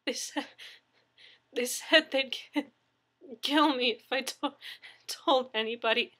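A woman's voice: high-pitched, slow pace, bright, forceful tone, voice pushed up, exaggerated voice. Woman reading as a stammering, frightened young man. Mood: scared. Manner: stammering, shaky. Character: frightened young man, injured college graduate. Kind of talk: audiobook reading.

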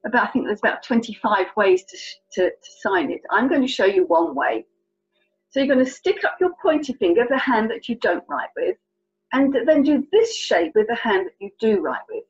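A woman with a British accent and a fairly high, breathy-edged voice guides children through signing colours. Her pitch jumps around a lot as she chats playfully and encourages them. The recording sounds muffled and lo-fi. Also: sing-song, normal speed, soft background music. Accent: British English. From England. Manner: chatty, playful, encouraging, demonstrating hand signs. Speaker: sign language tutor.

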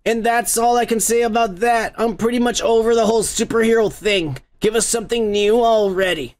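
A man's voice: sits high, brisk. A man hosting a podcast, reading viewer comments aloud in a crude, rambling, mocking way and laughing often.

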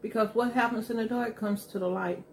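A woman's voice: a little high, fairly even intonation, brisk, vocal fry, slight background noise. A middle-aged woman hosting an eating show at home, chatting candidly and with emphasis while she eats. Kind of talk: casual chat while eating.

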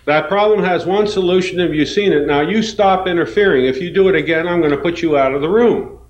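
A man's voice: fairly quick, roomy sound, muffled recording, close to an everyday voice. A man voicing an impatient female schoolteacher, scolding in a raised, clipped tone as he acts out a story in a lecture. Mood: stern, scolding. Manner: scolding, raised-pitch quoting.

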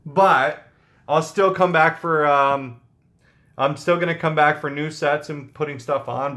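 A man's voice: medium pitch, fairly bright tone. A man hosting his channel, chatting casually with viewers in a rambling, joking way. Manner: rambling, joking, with frequent fillers. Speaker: channel host.

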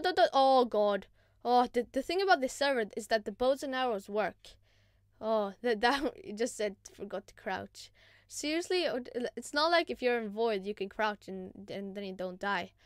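Woman, gaming host, casual gameplay commentary, high voice, smooth, excitable, self-mocking. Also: dry recording, studio quality.

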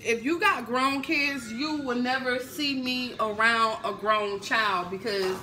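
Chatty woman with a bright voice. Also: a little high, slow, a little hiss or hum, poor audio. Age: 30s. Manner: chatty, laughing, swearing freely. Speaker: vlogger. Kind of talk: casual cooking vlog chat. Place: home kitchen.

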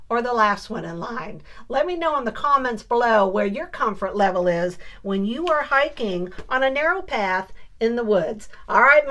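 A woman's voice: fairly high pitch, fairly bright tone. A woman hosting a casual scrapbooking tutorial, chatting through each step and telling a story as she works. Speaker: crafting channel host.

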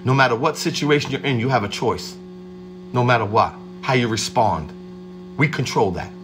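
A man hosting a livestream, giving a streetwise motivational pep talk and shouting out viewers by name. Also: medium pitch, moderate pace, noisy background. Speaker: livestream host.

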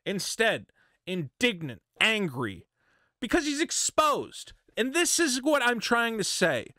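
Ranting, sharp-voiced man. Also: high voice, big pitch swings, takes it slowly, no room sound, clean studio sound. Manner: heated, profane, mocking; emphatic, lectures the viewer. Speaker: commentary YouTuber. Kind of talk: ranting commentary.

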